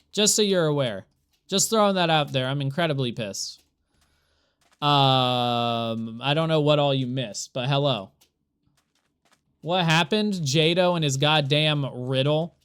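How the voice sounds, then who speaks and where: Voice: medium pitch, unhurried, a bit bright, clear, resonant tone. A streamer chatting to viewers during a live gameplay stream, rambling and exasperated, laughing often. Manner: exasperated, rambling, talks to chat while playing.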